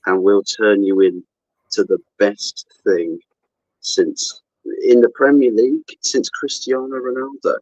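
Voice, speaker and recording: A man's voice: on the low side, measured pace, darkish tone, dry recording, muffled recording. A man bantering in a casual football chat, playful and mock-theatrical.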